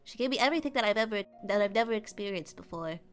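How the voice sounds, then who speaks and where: A woman's voice: medium pitch, expressive, racing, faint music behind, close to an everyday voice. A woman voicing a young male stray cat in a game, cutesy and earnest, telling his past. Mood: wistful.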